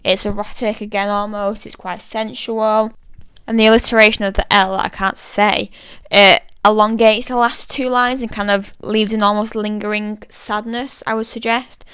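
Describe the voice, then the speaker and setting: British woman chatting through a poem analysis, really smooth voice, dry close sound. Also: mid-range voice, level tone, normal speed, a bit bright, no room sound, rough recording. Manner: thoughtful, chatty, many fillers. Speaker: literature explainer. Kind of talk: casual poetry analysis.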